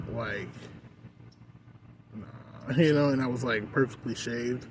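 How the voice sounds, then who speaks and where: A man's voice: medium pitch, steady tone, unhurried, long pauses. Rambling, profane man ranting over road noise. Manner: rambling, profane, constant "like" fillers. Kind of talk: casual rant vlog.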